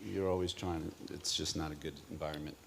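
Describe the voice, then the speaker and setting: A middle-aged man, a casino host executive, being interviewed on stage, telling anecdotes in a relaxed, chatty way. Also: a bass voice, quick pace, vocal fry, a little hiss or hum. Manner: relaxed storytelling, animated in anecdotes.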